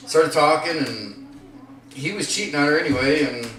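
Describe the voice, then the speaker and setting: A man telling rambling, profane stories in casual chat, growing loud and heated. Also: a little high, moderate pace, recorded from a distance, a little hiss or hum. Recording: echoey room, voice off-mic.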